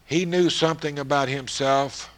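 A man preaching a sermon, whose voice swells to loud, emphatic passages. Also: a little high, fairly even intonation, normal speed.

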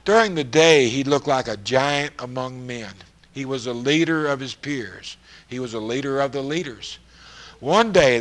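A man delivering a sermon to his listeners. His voice sits in a middle register and climbs into loud, emphatic stretches, sometimes slowing to stress a point. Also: mid-range voice. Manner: rising to loud, emphatic passages. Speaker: preacher.

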